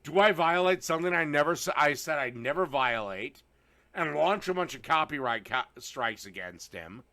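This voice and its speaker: A man with a soft Southern US accent, ranting angrily and crudely in video commentary. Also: fairly high pitch, expressive, moderate pace. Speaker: online commentator in played clips.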